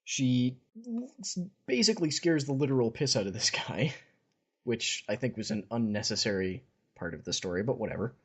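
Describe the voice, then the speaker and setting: A man's voice: medium pitch, expressive, moderate pace, breathy edge. A man casually retelling a fantasy story on a podcast, chatty and wry. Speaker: podcast co-host.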